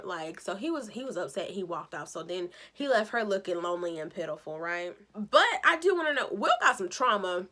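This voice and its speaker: A woman's voice: on the high side, normal speed, few pauses. A woman giving a casual, chatty recap of a TV episode, telling it with sass and acting out the characters' lines. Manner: animated, sassy storytelling with acted-out quotes. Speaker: show recap vlogger.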